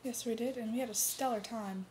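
A woman vlogger telling a rambling, animated story in casual chat with a friend. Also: a little high, slight background noise. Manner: rambling animated storytelling, bursts of fast talk.

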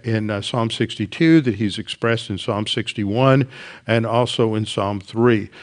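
A man preaching a Bible study sermon, reading psalm verses aloud and explaining them with steady emphasis and occasional restarts. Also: mid-range voice. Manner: teaching verse by verse, quoting scripture with rising emphasis. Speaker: Bible teacher.

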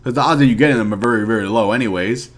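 A young man giving casual commentary on a mobile card game, ranting in frustration, swinging from mumbled asides to loud outbursts. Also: medium pitch, very fast. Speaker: mobile game video creator.

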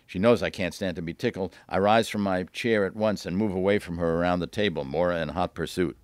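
Man, very deep voice, dry close sound, author reading his fiction, lively dialogue. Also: no echo. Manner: lively, voices the dialogue with raised pitch and quick asides. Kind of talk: reading aloud from his novel. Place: bookstore reading event.

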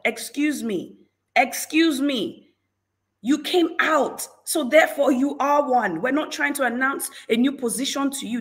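A woman hosting a livestream, giving an animated, exclamatory faith talk and greeting viewers in the chat. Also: a little high. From Nigeria. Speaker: livestream host.

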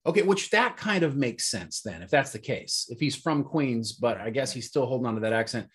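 A man's voice: medium pitch, expressive, a little fast, a bit bright, slightly rough. A man co-hosting a casual movie review chat, rambling and searching for words with lots of fillers. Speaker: podcast co-host.

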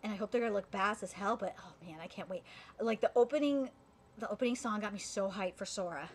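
A young woman doing a live anime reaction, excitable and foul-mouthed, breaking into outraged shouts. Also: mid-range voice, quick pace.

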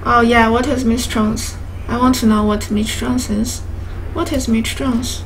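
A woman streaming live, speaking in a slow, giggly way and repeating her questions. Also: fairly high pitch, fairly even intonation, far from the mic, a little hiss or hum, rough recording. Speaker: game streamer.

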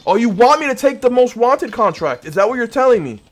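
Playful high-voiced man gaming. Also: fairly quick. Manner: playful, teasing, swings from loud excitement to mumbling. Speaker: gamer streaming with random teammates. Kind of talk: casual game commentary to teammates.

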